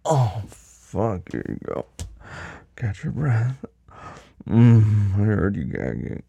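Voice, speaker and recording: A man's voice: lowish voice, sing-song, takes it slowly, creaky, dark tone, husky, dry recording, lo-fi sound. A man performing a dominant audio role-play, commanding and teasing, sometimes dropping to a whisper. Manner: drops to a whisper at times.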